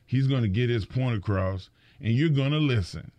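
A man's voice: medium pitch, animated, normal speed, a little mellow, no echo, muffled recording. A man in casual podcast chat, telling stories emphatically and often repeating words as he builds a point.

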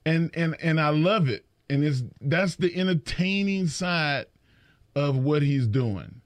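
A man's voice: a little high, takes it slowly, no room sound. A man in casual podcast chat, telling stories emphatically and often repeating words as he builds a point.

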